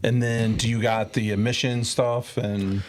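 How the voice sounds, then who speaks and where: A man's voice: mid-range voice, flat delivery, measured pace. A man co-hosting a casual podcast, patiently explaining details. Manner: patient, explains things plainly. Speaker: podcast co-host.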